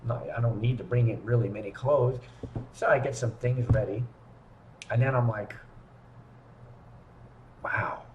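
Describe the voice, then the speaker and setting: A man telling a story from his apartment in a rambling, animated way, full of restarts and asides. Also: mid-range voice, a little slow, pauses often, reverberant, lo-fi sound, a little hiss or hum. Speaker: vlogger recounting lockdown. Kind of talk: casual storytelling monologue.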